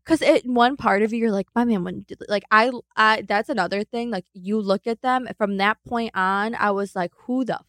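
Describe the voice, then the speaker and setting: A young woman co-hosting a casual podcast tells a story bluntly, with lots of swearing and fillers. Her medium-pitched, slightly bright voice moves at a moderate pace with hardly any pauses, and there's no room sound.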